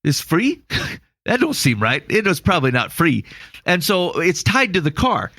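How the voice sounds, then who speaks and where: A man's voice: on the high side, very animated, moderate pace, vocal fry, bright, forceful tone, no room sound. Dry-voiced man, rambling and self-mocking. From Iowa. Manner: rambling, self-mocking, laughs through his story. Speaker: podcast co-host. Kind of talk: casual storytelling.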